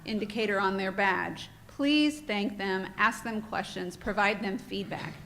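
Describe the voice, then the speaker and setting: Speaking unhurriedly in a medium-pitched voice, a woman welcomes a conference audience through a microphone in a hotel meeting room. There's a little hiss or hum, and her remarks are warm, heartfelt, somewhat off-script and emotional.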